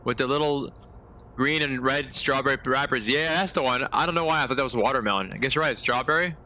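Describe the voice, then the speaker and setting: A male game streamer chats through casual gameplay commentary in laid-back slang, often chuckling. His voice is mid-pitched and ordinary. A clear hum of background noise sits under his talk. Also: fast talker, pushed and bright.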